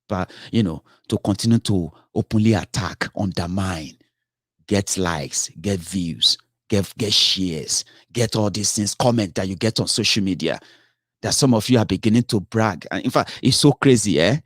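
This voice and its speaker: A Nigerian man with a low, slightly bright voice delivers impassioned political commentary at a moderate pace. He breaks into exasperated outbursts, repeats himself and restarts sentences, recorded in studio quality with no room sound.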